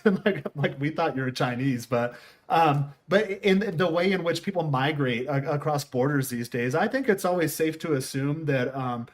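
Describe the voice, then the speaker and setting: A man's voice: fairly high pitch, lively intonation, normal speed. A middle-aged man from the United States, hosting a casual conversation and telling stories with a wandering, restart-filled delivery. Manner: rambling storyteller, quotes people in voices. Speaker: host.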